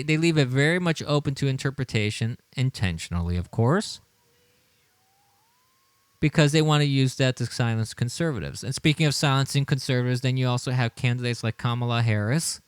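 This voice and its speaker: A man's voice: medium pitch, normal speed, smooth, no room sound. A man hosting a political livestream, talking with indignation, often repeating his words and chuckling as he reads the chat. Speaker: livestream show host.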